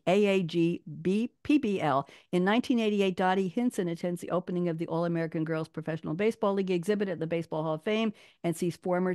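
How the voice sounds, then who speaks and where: A woman hosting a live online talk show, chatty and animated, laughing often, speaking over a video call. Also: on the low side, dry recording, studio quality. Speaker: host.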